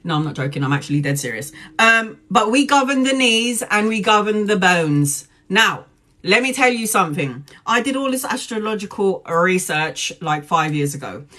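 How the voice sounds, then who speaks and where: A woman's voice: mid-range voice, animated, normal speed, pushed and bright. A woman talking casually on a live stream as a tarot reader, chatty and joking, laughing often. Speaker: tarot reader livestreaming to viewers.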